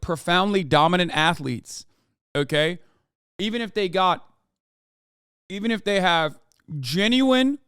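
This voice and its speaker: Heated and profane, a livestream host tears into politics and sneers at his critics, taking on chat combatively. He has a high, clear voice with a resonant tone, recorded in clean studio sound with no room noise.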